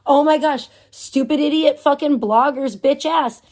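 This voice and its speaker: A woman with a fairly high voice rants casually to her livestream chat. She swears constantly and sounds fed up. Between complaints she thanks her viewers directly. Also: unhurried, a little mellow. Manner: profane, heated ranting with frequent swearing; talks straight to viewers and thanks donors.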